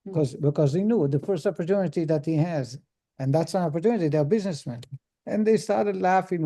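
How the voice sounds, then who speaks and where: Mellow-voiced rabbi telling a story. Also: male voice, fairly high pitch, expressive, normal speed. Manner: acts out characters in the story, with frequent restarts and filler words. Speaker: rabbi teaching a Torah lesson. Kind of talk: storytelling in a lesson.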